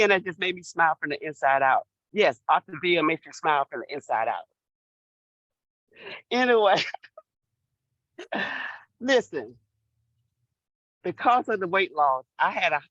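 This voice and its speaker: A woman's voice: fairly low pitch, fairly bright tone, no echo, dull audio. A middle-aged woman on a video call giving an exuberant testimonial, repeating phrases for emphasis like a preacher. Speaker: client sharing her story.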